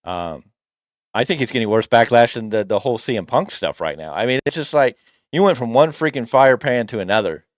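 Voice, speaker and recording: A man's voice: mid-range voice, expressive, brisk, dry recording, clean studio sound. A man co-hosting a wrestling podcast, chatting casually and rambling through opinionated takes with a teasing streak. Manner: rambling, teasing, breaks into mock wrestler voices.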